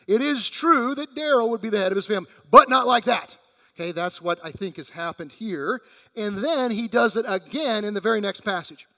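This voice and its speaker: A man's voice: high-pitched, sharp tone, big-room sound. A man preaching a sermon in a conversational way, acting out the quoted voices in the passage. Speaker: pastor.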